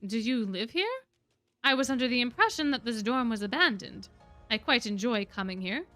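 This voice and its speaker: A woman voicing a mysterious, aloof young man with horns, speaking slowly, calmly and a little sadly. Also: a little high, faint music behind. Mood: wistful. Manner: slow, calm and faintly melancholy.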